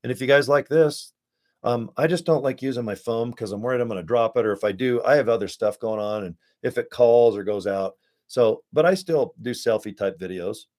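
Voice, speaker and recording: An American man giving a casual, rambling pitch to viewers from his home desk, talking through a webcam with chummy asides. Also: fairly quick. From United States. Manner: rambling, chummy, animated asides with acted quotes. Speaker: network marketing promoter. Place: home desk setup with screens and ring light.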